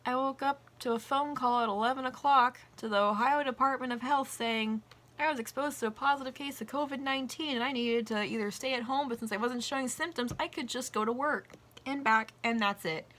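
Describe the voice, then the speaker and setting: A young adult woman vlogger casually telling work stories in an animated way, swearing freely. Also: high voice, a little fast. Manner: animated, acts out quoted voices, swears casually. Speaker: vlogger and restaurant worker. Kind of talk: casual storytelling.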